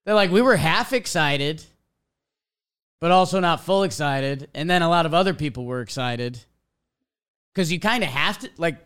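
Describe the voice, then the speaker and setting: A man's voice: on the high side, normal speed, long pauses, clean tone. A young man telling a casual story as a podcast host, acting out little quotes as he goes. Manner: animated storytelling, acts out quotes.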